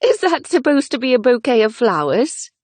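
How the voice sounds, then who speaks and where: A woman reading as a lively, wry young heroine in a romance audiobook, pitched well above the reader's own low voice. She speaks in a raised, bright tone, close and dry. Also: moderate pace, dry recording. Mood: playful.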